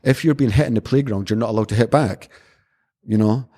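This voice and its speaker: Brisk and mellow, with a lowish pitch, the speaker is a Scottish man who teaches martial arts. He tells earnest, rambling stories with many restarts during a casual conversational interview.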